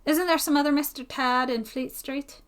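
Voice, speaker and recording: A woman reading aloud and voicing a cheeky, quick-tempered young errand boy who talks in a cocky way. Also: high-pitched, steady tone, pitched above the performer's own voice, natural voice.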